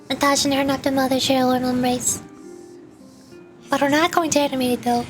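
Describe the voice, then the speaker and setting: High-voiced woman streamer reading game lines. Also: little pitch movement, fairly quick, long pauses. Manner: reads all characters' lines with casual asides. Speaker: vtuber streamer. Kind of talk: reading game dialogue aloud while playing. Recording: game music behind the voice.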